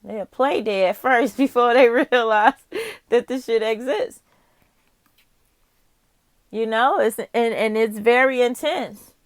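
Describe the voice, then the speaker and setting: Speaking slowly with frequent pauses, a woman with a slightly high voice does a casual tarot reading, recorded dry. Addressing the viewer directly, she muses aloud, candid and profane, with plenty of laughs.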